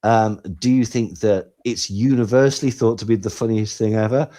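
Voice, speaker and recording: A man co-hosting a podcast, talking in animated, sarcastic commentary that swings between loud and quiet. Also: fairly low pitch, normal speed. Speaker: podcast co-host. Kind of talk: casual commentary chat.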